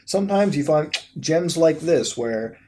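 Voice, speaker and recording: A man's voice: fairly high pitch, expressive, measured pace, slight background noise. Profane, incredulous young man reacting. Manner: profane, incredulous, laughs often; jumps between mumbling and loud outbursts. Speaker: YouTube host. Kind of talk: casual commentary while browsing websites.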